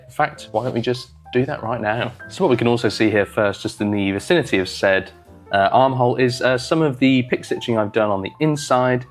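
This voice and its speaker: Rambling wry man, low voice. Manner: rambling, wry, full of fillers and self-deprecating asides. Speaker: sewing vlogger. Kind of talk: casual talk to camera while sewing.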